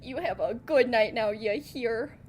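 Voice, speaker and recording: A woman's voice: fairly high pitch, a little slow, darkish tone, a little hiss or hum, close to an everyday voice. A woman putting on a folksy mock-Minnesota voice. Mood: doting. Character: folksy, doting Midwestern woman.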